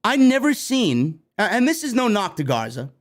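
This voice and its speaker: Heated, swearing wrestling-news host, high voice. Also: male voice, moderate pace. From New York. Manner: animated, heated, heavy swearing. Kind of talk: profane ranting commentary.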